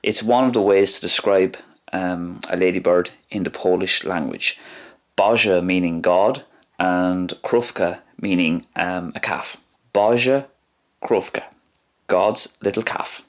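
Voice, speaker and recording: Slow, low-voiced man teaching words. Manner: pronounces words slowly and repeats them. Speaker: language teacher. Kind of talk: language lesson.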